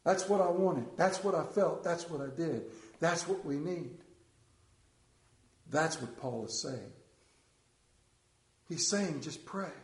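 A man preaching a sermon as pastor, conversational and joking, often dropping to a hushed voice. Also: a little high, lively intonation, slow pace, pauses often. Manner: humorous, conversational preaching with sudden hushed drops. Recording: roomy church echo.

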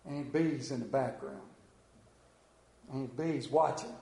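A man's voice: medium pitch, takes it slowly, creaky, dark tone. A man telling a story in a folksy, heartfelt way. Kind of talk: retelling a TV episode to an audience. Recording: roomy echo.

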